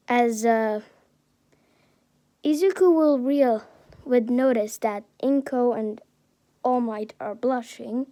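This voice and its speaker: A woman narrating an improvised fan story in a high voice, rambling and stopping to correct herself with little giggles. She talks slowly, and the sound is dry and close to the mic. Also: dark tone, no echo.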